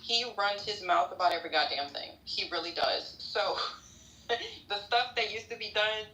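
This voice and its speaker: Bright-voiced opinionated woman. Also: mid-range voice, normal speed, roomy sound, rough recording. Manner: opinionated, rambling. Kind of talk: political podcast discussion.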